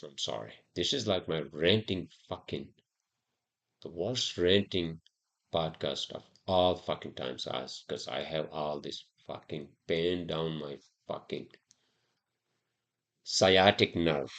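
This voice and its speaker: A man's voice: extremely low pitch, slow, vocal fry, fairly bright tone. A man hosting a solo podcast, rambling and swearing heavily through a heated rant. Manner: rambling, profane, heated ranting. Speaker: podcast host.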